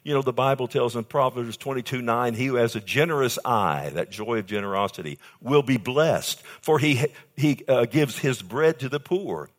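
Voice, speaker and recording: An older man preaching a sermon as pastor, calling out to his congregation and stretching key phrases slowly for emphasis. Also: animated. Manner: emphatic preaching with sudden high pitch jumps and slowed key phrases; calls out to congregation with "amen" and "loved one".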